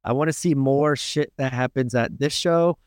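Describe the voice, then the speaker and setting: A man's voice: mid-range voice, moderate pace, clear, resonant tone, dry recording, clean studio sound. A man co-hosting a podcast in easygoing casual chat. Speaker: podcast co-host.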